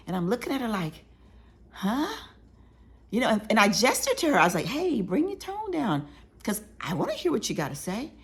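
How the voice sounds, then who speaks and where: A woman author telling workplace stories in a conversational way, talking straight to her listeners with emphasis. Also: on the low side. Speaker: author sharing workplace advice. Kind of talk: conversational storytelling audiobook.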